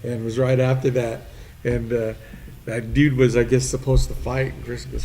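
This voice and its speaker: Gravelly guy hosting a podcast, swears a lot, tells stories, bit of hiss behind. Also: mid-range voice, steady tone, a little fast, mellow. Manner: swearing storyteller, acting out quoted voices. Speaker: podcast host. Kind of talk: casual storytelling chat. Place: restaurant venue, live podcast. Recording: faint noise, live remote venue.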